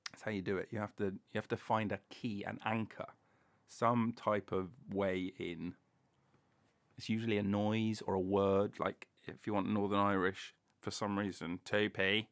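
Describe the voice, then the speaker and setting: A man hosts his own solo comedy podcast, talking alone into a recorder in a room. His voice sits on the lower side. He rambles from one tangent to the next with self-mocking jokes. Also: fairly bright tone. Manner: meandering, self-mocking, chatty with jokey asides. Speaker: podcast host.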